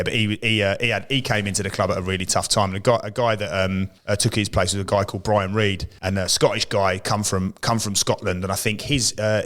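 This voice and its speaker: A man's voice: on the low side, a bit bright. An English man, an ex-footballer, telling rambling stories in a casual podcast chat, full of restarts. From England. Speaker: podcast co-host, ex-professional footballer.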